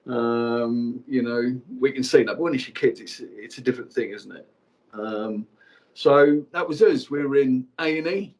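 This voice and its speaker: A man in his forties telling a personal story to an audience, frank and halting, with many fillers and restarts. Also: medium pitch. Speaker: guest speaker.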